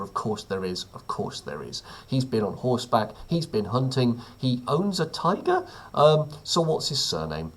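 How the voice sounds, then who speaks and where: A male teacher reads out a current-events quiz from home, tossing in wry, offhand jokes. His voice is slightly husky and swings up and down a lot as he talks. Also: medium pitch. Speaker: teacher running a weekly quiz. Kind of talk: casual quiz reading with asides.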